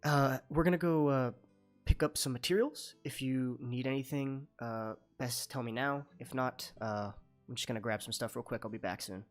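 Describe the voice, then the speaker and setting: A man voicing a gruff, blunt ship captain who swears casually in a tabletop game. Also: medium pitch, moderate pace, soft background music, lightly acted. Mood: brisk.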